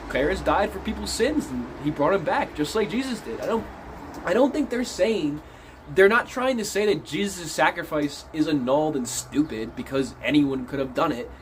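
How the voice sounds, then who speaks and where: A man with a slightly high voice talks through a film in a loose, casual way, swearing freely as he retells the scenes with feeling. A faint steady noise sits under his voice. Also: poor audio. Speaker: movie reviewer. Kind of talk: casual film review monologue.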